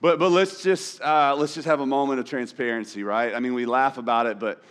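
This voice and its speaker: A man's voice: medium pitch, fairly even intonation, a little fast, fairly bright tone, clear, resonant tone. A man preaching a sermon in a conversational, self-deprecating way, often restarting his sentences. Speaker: pastor. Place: church auditorium.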